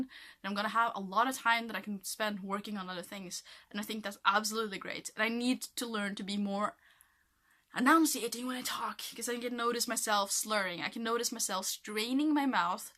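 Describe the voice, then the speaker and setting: A woman's voice: medium pitch, sharp tone. A young woman from Norway chatting to camera in a rambling vlog, full of fillers like "like" and "um". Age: young adult. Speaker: vlogger. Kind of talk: casual chat to camera.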